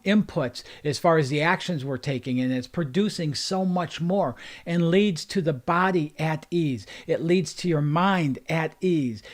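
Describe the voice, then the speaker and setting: A life coach, a man with a slightly high voice, speaks straight to his viewers in a motivational livestream. His delivery is earnest, and he stacks up repeated phrases to hammer his points home. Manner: earnest, repetitive emphatic phrasing.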